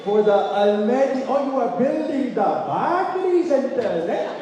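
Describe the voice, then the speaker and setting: Guy imitating a gushy old uncle, high sing-song put-on accent, sounds far off in a big echoey hall. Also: big pitch swings, a little slow, dull audio, noisy background, full character voice. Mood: delighted. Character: fond older immigrant uncle greeting a grown-up boy. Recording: echoey banquet hall, distant mic.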